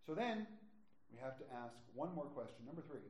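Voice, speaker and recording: A man preaching a sermon, stressing words slowly and dropping to quiet asides. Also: fairly high pitch, big pitch swings. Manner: emphatic, drawn-out stresses, drops to quiet asides. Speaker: pastor. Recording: echoey room.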